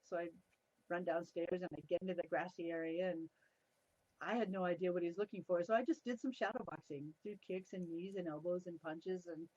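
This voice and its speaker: A woman's voice: on the low side, a little fast, slightly rough, no room sound. A middle-aged woman telling stories as an interview guest on a video call, often laughing and acting out the people in her tale. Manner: lively, laughs often, acts out quoted people. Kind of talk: anecdotal storytelling in an interview. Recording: dull, dry lo-fi call audio.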